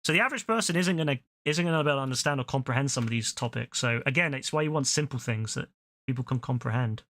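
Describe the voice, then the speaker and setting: Streaming a game, this young British man from England rants through casual chat, swearing often and laughing loudly. He speaks fast at a medium pitch, and there's no echo on the recording.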